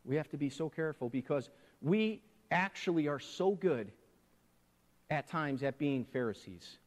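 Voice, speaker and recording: A man preaching a sermon, swinging from hushed asides to loud, emphatic proclamation. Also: on the high side, in a large hall. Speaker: pastor.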